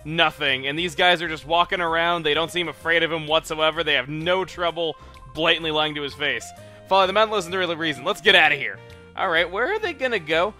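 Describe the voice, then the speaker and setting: A young man doing excitable, sarcastic commentary over gameplay. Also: fairly high pitch, fairly quick. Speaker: let's player. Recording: faint music behind.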